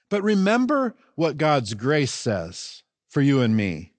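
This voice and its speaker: A man's voice: mid-range voice, slow, hardly any pauses, dry recording. A man preaching a sermon as pastor in a church, speaking emphatically and swinging his delivery up and down for emphasis. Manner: emphatic, animated preaching with rising and falling emphasis.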